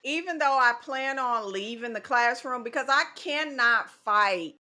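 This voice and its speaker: Emphatic bright-voiced woman. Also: fairly high pitch, expressive, a little slow. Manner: emphatic, repeats key phrases. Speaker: teacher and guest. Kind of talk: casual podcast conversation.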